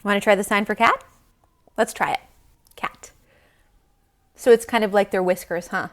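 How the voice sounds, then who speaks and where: A woman's voice: mid-range voice, steady tone, moderate pace, fairly bright tone. A young woman teaching yoga to young children in a sing-song, encouraging way. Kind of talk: leading a kids' yoga class.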